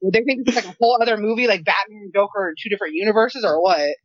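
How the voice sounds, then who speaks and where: A woman cohosting a casual chat, telling a story with animated, profane exasperation. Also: medium pitch, very fast, no echo. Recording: dry, slightly dull lo-fi sound.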